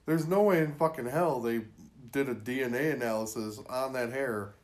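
A man's voice: medium pitch, normal speed. A man co-hosting a podcast, chatting casually about a movie with profane, joking riffs. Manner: profane, joking, animated riffing. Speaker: podcast co-host. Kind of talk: casual movie-review chat.

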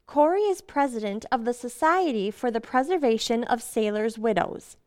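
An actress playing a gentle, patient young wife and mother who soothes everyone, in 1940s radio acting. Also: a little high, normal speed, close to an everyday voice. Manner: gentle, soothing, calling people dear.

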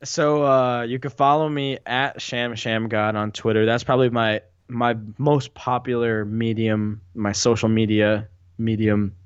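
A man's voice: medium pitch, level tone, measured pace, clear, resonant tone, dry recording. A man guesting on a podcast, talking in a rambling, hesitant way with many ums. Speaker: podcast guest, basketball writer. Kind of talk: casual chat. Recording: dull dry lo-fi sound.

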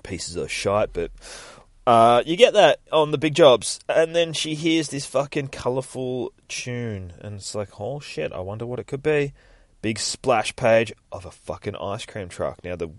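A man's voice: medium pitch, expressive, a little slow, no echo, studio quality. A man hosting a podcast, recording outdoors near his work and retelling a comic with lots of swearing and rambling asides. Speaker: podcast host. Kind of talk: casual comic book retelling.

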